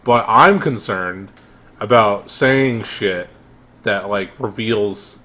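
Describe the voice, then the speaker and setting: Joking New Jersey podcast host. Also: male voice, on the low side, slow, sharp tone, slight background noise. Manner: joking, rambling, restarts often. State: drinking, tipsy. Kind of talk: casual chat.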